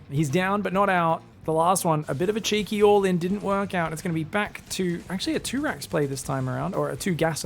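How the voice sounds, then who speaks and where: A man casting a strategy game on his own, talking casually through each move and breaking into loud excited bursts. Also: fairly high pitch, creaky. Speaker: esports caster. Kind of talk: solo play-by-play game commentary.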